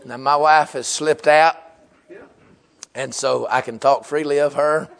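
A young man, preaching a humorous sermon. He tells stories loudly, often laughing and breaking into shouts. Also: fairly high pitch, steady tone, unhurried, creaky.

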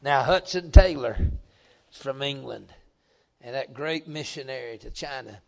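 A middle-aged man preaching a folksy revival sermon, joking with the congregation and swelling into loud emphatic bursts. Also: mid-range voice, unhurried, creaky.

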